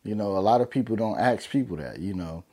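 This vlogger, a young man, talks fast in a warm, fairly low voice with lively intonation, offering casual motivation to his viewers on camera. He's slangy, loose and sincere, filling his speech with "man" and "you know."

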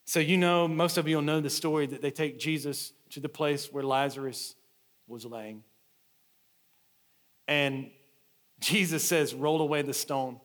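A man's voice: a little high, measured pace, long pauses, a bit bright. A man, a lead pastor, preaching a sermon in a conversational storytelling way, often restarting his phrases.

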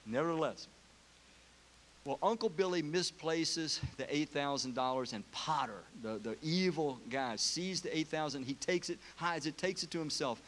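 A preacher giving a sermon, retelling a film story in an emotional, casual way. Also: male voice, a little high, moderate pace, fairly bright tone, a little hiss or hum.

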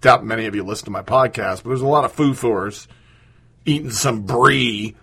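A man's voice: medium pitch, normal speed, bright, forceful tone, slightly rough. Profane, ranting male podcast host. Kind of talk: podcast commentary.

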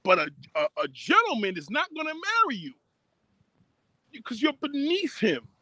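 A man's voice: very high-pitched, huge pitch swings, moderate pace, pushed and bright, dry recording. A man ranting profanely and emphatically on a livestream, repeating himself as he talks outdoors on a phone. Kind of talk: casual rant on a livestream.

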